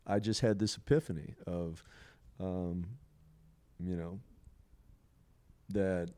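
Smooth-voiced man telling a long story. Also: low-pitched, fairly even intonation, takes it slowly, dark tone. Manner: rambling, many fillers like "you know", laughs often. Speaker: podcast guest sharing a psilocybin experience. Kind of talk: casual storytelling conversation.

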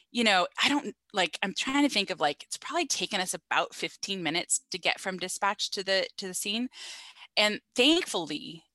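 Lively woman telling a wild story. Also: medium pitch, normal speed, no room sound, poor audio. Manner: animated, swears freely, laughs through the story. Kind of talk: casual storytelling chat.

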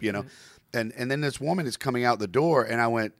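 A man's voice: medium pitch, quick pace, no room sound. This is a man co-hosting a podcast who tells stories with energy and stumbles over repeated words as he goes. His voice sits in a middle register, and the sound is close and dry with no room around it. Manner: animated storyteller, repeats words. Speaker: podcast co-host. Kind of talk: casual comedy chat.

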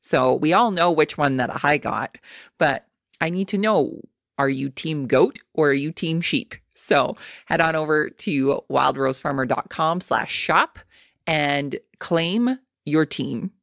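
A woman's voice: deep voice, slow, vocal fry, fairly bright tone, dry recording, studio quality. A woman hosting a podcast, chatting casually and speaking straight to her listeners in an upbeat way. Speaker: podcast host. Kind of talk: casual podcast interview and sign-off.

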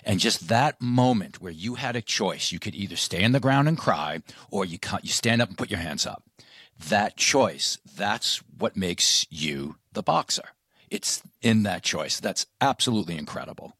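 A man's voice: lowish voice, expressive, normal speed, a bit bright, slightly rough, no room sound, clean studio sound. A man hosting an interview, reflecting earnestly and emphatically on what he heard. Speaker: podcast host.

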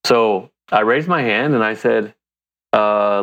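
A man's voice: lowish voice, a little slow, gravelly, fairly bright tone, highs cut off. A man from the United States, a company founder and interview guest, telling stories casually, laughing often and acting out his own thoughts.

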